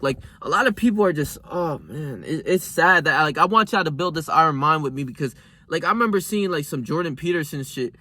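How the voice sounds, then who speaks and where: A young man talks straight to his viewers in a casual motivational vlog, rambling and swearing as he works up a pep talk. His voice sits a little high and rings bright and forceful. The sound is dry and close, with little room around it. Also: fairly quick, no room sound. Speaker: vlogger.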